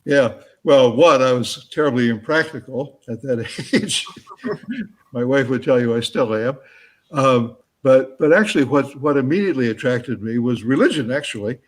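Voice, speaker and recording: Husky-voiced man answering questions. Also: medium pitch. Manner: halting, with many fillers and chuckles. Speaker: author answering audience questions. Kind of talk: live Q&A talk.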